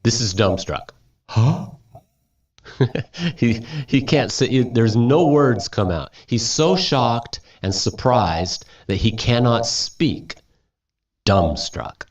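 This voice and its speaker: Slow, lively-voiced male English teacher. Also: medium pitch. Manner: repeats and defines words, laughs often. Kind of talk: reading a story aloud and explaining vocabulary. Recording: dull lo-fi audio, distant mic.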